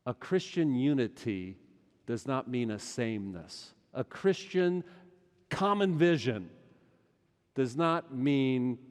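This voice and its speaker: A middle-aged male pastor preaching a sermon, swinging between loud urgency and hushed intensity. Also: mid-range voice. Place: large church sanctuary. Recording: long church hall reverb.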